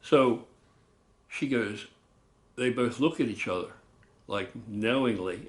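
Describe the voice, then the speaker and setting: A man casually recounting a true ghost story, animated, acting out loud booms and swearing now and then. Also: moderate pace, pauses often. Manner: animated, loud booming sound effects, swears.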